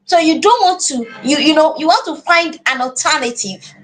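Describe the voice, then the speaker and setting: Nigerian woman teacher, high animated voice, earnest, repeats words mid-thought. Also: moderate pace. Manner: earnest, repeats words while finding phrasing. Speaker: parenting class teacher. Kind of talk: live online class.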